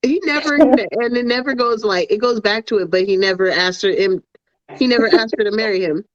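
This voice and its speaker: A woman's voice: mid-range voice, a little fast, dry recording, muffled recording. A woman co-hosting a casual movie recap chat, teasing and playful. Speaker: podcast co-host.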